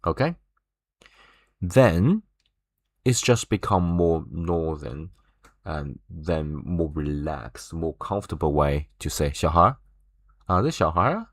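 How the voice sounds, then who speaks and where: In an online lesson, a Chinese teacher with a deep, expressive voice explains things slowly, one step at a time, sprinkling in fillers and "right?". There's no room sound; the audio is dry and close.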